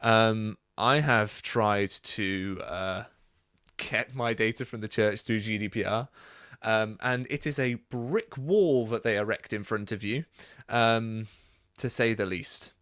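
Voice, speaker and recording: A man hosting a casual Q&A, reading out viewer comments and chatting about them in a relaxed, rambling way. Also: lowish voice, takes it slowly, smooth, no echo, studio quality. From Britain. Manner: chatty and relaxed, many fillers and asides. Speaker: YouTube channel host.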